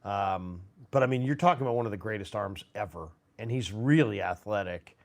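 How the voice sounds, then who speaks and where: A man's voice: fairly low pitch, a little fast, gravelly. A man hosting a live sports stream, chatting casually and rambling with fillers and restarts. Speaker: sports show host. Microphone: phone.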